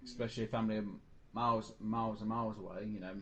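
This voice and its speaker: A man's voice: fairly low pitch, fairly even intonation, fast, sharp tone, lo-fi sound, slight background noise. A man streaming a game, rambling through a personal story in casual chat and mimicking other people's lines. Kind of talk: casual chat while gaming.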